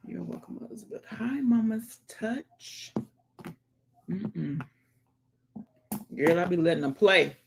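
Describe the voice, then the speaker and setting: A woman's voice: medium pitch, lively intonation, takes it slowly, gravelly, long pauses, a little hiss or hum. A woman hosting a casual livestream, greeting viewers by name and chatting as she reads the comments. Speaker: livestream host.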